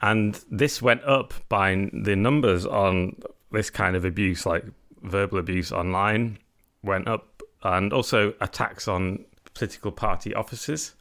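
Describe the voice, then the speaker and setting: Tipsy male podcast co-host, deep-pitched, halting and loose delivery. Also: fairly bright tone. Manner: rambling, many fillers and restarts. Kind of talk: casual chat about news.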